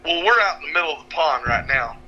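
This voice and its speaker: A man's voice: a little high, lively intonation, quick pace, bright, forceful tone, lo-fi sound. A man telling a rambling fishing story on a podcast, laughing at his own tale. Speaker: fishing guide and co-host. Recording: noisy podcast audio.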